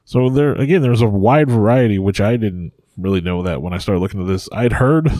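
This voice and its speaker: Male podcast co-host, low mellow voice, dry sound, loose and hesitant chat. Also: brisk, no echo. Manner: chatty, hesitant, trails off. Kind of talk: casual podcast discussion.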